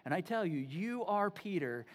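A woman putting on a gentle grown man's voice, low and soft-spoken, calm and patient with a friend who means well. It comes across as a quiet, measured voice in a retold story. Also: natural voice. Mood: solemn.

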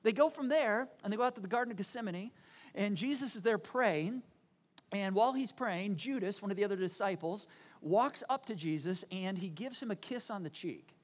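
A woman preaching a sermon, retelling stories in a lively, conversational way with frequent restarts. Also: medium pitch, moderate pace. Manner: animated, conversational storytelling with many restarts.

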